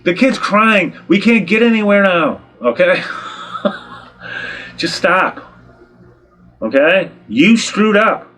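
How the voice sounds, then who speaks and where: A man's voice: high-pitched, animated, takes it slowly, long pauses, bright, forceful tone. A man, a photographer, talking straight to his audience and giving blunt, exasperated advice full of rhetorical questions and repeated "okay?". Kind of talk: direct-to-camera advice talk.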